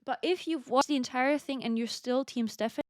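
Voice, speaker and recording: A young woman co-hosting a podcast in casual chat, eager and quick to react. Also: sits high, dry recording, studio quality. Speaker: podcast co-host.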